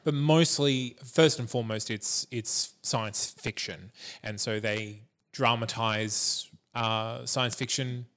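A man's voice: mid-range voice, steady tone, takes it slowly, few pauses, fairly bright tone. An easygoing man co-hosting a podcast in a mid-range voice. He rambles casually with fillers and restarts, circling his point. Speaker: podcast co-host. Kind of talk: casual chat.

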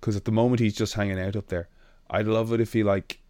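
A podcast co-host, this man rants animatedly and swears a lot in casual chat. He has a lowish voice and talks fast, and the recording is dry and studio quality.

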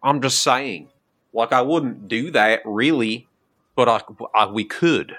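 A man's voice: mid-range voice, takes it slowly, a bit bright. A man playing a tabletop game, talking in a rambling, hedging way and correcting himself as he goes. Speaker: player. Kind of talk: casual tabletop game play.

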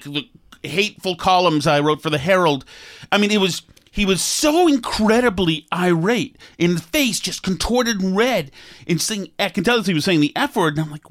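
A podcast host telling a story in a casual, animated way, acting out his own quotes. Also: high-pitched, normal speed.

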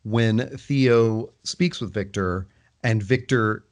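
A man's voice: lowish voice, takes it slowly. A man co-hosting a casual chat, enthusiastic but hesitant, with many restarts. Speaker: podcast co-host. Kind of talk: casual chat about a book series.

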